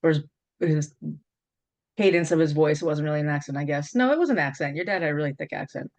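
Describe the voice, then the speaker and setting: A middle-aged woman interviewing an old college teammate, reminiscing in a lively, laughing, storytelling way. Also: low-pitched, fast talker. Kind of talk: casual reminiscing conversation.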